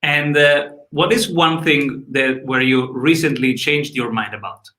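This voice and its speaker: A man hosting a podcast interview over a video call, asking short questions with pauses. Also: mid-range voice, bright, forceful tone, reverberant, poor audio. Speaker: podcast host.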